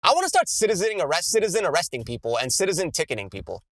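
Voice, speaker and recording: A man's voice: on the high side, racing, no echo. A man co-hosting a podcast, ranting in casual chat with a lot of swearing. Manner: animated, profane ranting. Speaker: podcast co-host. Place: New York City.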